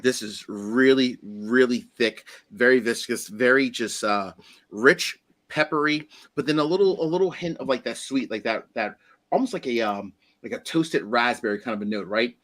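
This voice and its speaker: A man hosting a casual whiskey tasting chat, animated and exclaiming often. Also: mid-range voice, normal speed. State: eyes watering. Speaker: host.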